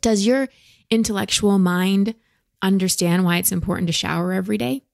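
A woman hosting a podcast, giving slow, gentle, reassuring emotional coaching to a guest. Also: medium pitch, gravelly, dry recording, studio quality. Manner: gentle, slow, reassuring advice with soft laughs. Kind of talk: coaching conversation.

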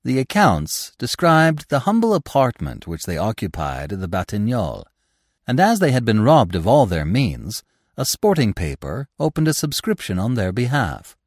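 Male narrator, classic-tale audiobook, highly animated delivery, dry close sound. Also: normal speed, no room sound. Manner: expressive, theatrical. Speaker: audiobook narrator, podcast host. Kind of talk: dramatic audiobook reading.

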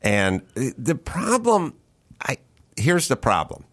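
A man's voice: medium pitch, very animated, takes it slowly, fairly bright tone. A man ranting with heavy swearing in casual podcast chat. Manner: profane, ranting.

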